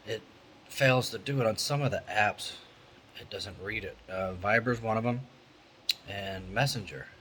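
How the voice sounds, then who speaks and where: A man's voice: lowish voice, fairly bright tone, a little hiss or hum, rough recording. A middle-aged man, talking casually and candidly to camera in a rambling vlog monologue from a room at home. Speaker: vlogger. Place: indoor room with an electric fan.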